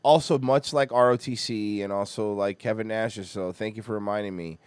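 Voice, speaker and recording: A man from Florida hosting a podcast, ranting loudly and mockingly with constant swearing. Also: fairly low pitch, fairly even intonation, normal speed, clear, resonant tone, no room sound. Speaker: podcast host. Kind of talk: profane comedic rant.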